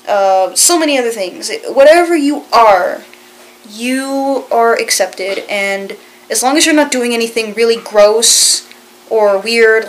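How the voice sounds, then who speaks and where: A woman's voice: fairly high pitch, slight background noise, low-quality recording. A woman vlogger in casual chat, rambling earnestly and reassuringly with many filler phrases.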